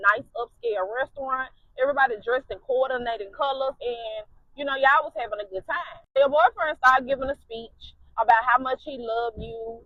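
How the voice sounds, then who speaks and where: High-voiced profane woman storyteller. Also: dry recording. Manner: blunt, profane, animated. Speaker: storytime vlogger. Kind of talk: casual storytelling, second person. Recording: dry, dull lo-fi sound.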